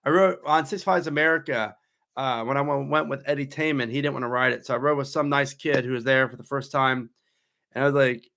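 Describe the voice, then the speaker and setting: A man's voice: mid-range voice, fairly even intonation, fairly quick, gravelly, bright, forceful tone. A man in his thirties, a theme park YouTuber, casually reading out viewer questions on a live stream and answering them in a chatty, rambling way. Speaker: coaster YouTuber host.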